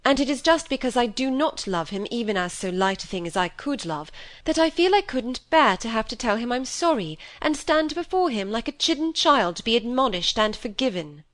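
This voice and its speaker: A woman's voice: a little high, sing-song, normal speed, fairly bright tone, pitched above the performer's own voice. A wilful young woman speaks with proud, bitter passion, put on by a woman reading a novel aloud. Her voice sits a little above the narrator's and pushes forward with some force. It is a storybook character in an audiobook. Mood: defiant.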